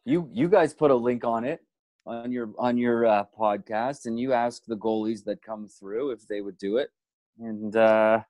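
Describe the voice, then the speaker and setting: A man in the middle of a casual podcast chat, telling a long and animated story at his own expense, with plenty of swearing. His voice sits at an ordinary pitch. It is picked up close and dry, with no room sound. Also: a little slow, dry recording, poor audio. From Canada. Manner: animated storyteller, self-deprecating, swears freely. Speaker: guest actor.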